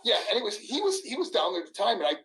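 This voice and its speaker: A man in his sixties telling a story in an interview, animated, laughing, acting out everyone's voices. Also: sits high, very fast, background noise. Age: 60s. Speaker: guest, former wrestler.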